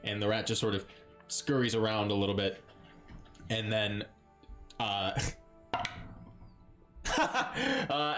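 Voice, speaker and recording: A man's voice: on the low side, expressive, slow pace, long pauses, over music. A man narrating as dungeon master of a live-streamed tabletop game, playful and rambling, often breaking into laughter.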